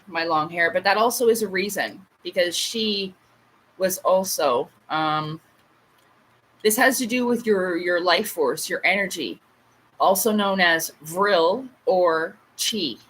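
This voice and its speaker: A woman's voice: lowish voice, animated, unhurried, fairly bright tone, slight background noise, poor audio. Chatty woman hosting a livestream. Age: late 30s. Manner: chatty, rambling storyteller with frequent asides. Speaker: livestream host. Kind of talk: casual livestream chat.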